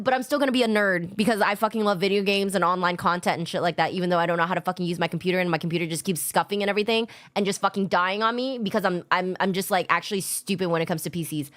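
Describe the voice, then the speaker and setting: A young adult woman streamer telling a story in casual chat, animated, self-mocking and swearing a lot. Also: medium pitch, fast.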